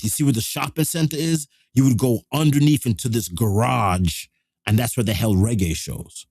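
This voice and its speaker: A middle-aged man, hosting a live show and telling a rough, profane story in casual street slang. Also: medium pitch, mellow, no echo, clean studio sound.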